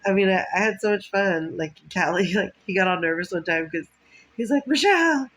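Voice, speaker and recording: A woman's voice: fairly low pitch, fairly even intonation, a little fast, fairly bright tone, low-quality recording. A woman telling rambling stories from her life in a casual monologue, swearing and laughing often. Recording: faint background noise.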